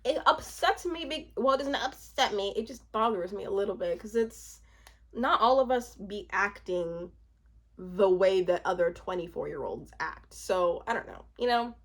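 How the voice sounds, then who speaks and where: A woman's voice: mid-range voice, expressive, moderate pace. A woman in her twenties giving casual, chatty commentary on a reality show, laughing often and trailing off into restarts. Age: 20s.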